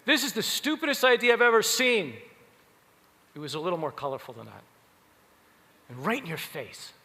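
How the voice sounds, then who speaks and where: Bright-voiced man telling keynote stories. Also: fairly high pitch. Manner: animated, acts out quoted voices. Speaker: keynote speaker. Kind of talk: keynote storytelling. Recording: long hall reverb.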